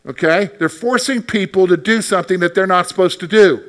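A man's voice: high voice, a little fast, a bit bright. Man teaching a Bible lesson. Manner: conversational, asks the class questions.

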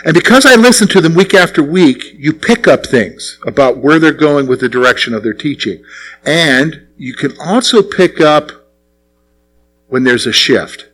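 A middle-aged man preaching a sermon as pastor, asking the congregation questions and answering them himself, with sudden drops to quiet asides. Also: animated, normal speed, poor audio. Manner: swings between raised, punchy lines and low, quiet asides.

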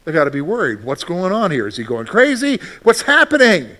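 A middle-aged pastor with a high voice delivers a sermon. He reads scripture slowly and then preaches with lively rhetorical questions.

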